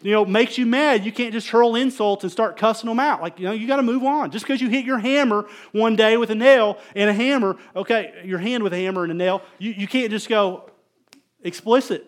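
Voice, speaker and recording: High-voiced pastor preaching animatedly. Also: male voice, a little fast. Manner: animated storytelling, swings from loud emphasis to quiet asides. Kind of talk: conversational sermon.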